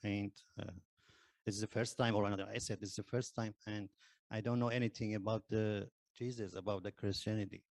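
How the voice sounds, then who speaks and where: A man who is not a native English speaker, telling his conversion testimony in hesitant English full of pauses and fillers. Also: mid-range voice, a little mellow, no room sound. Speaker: ex-Muslim convert giving testimony. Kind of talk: personal testimony.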